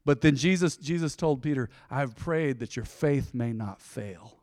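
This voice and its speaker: A man's voice: medium pitch, expressive, normal speed, a little mellow, no echo, clean studio sound, in a large hall. A man preaching a sermon as a pastor, folksy and conversational, often acting out little back-and-forth dialogues.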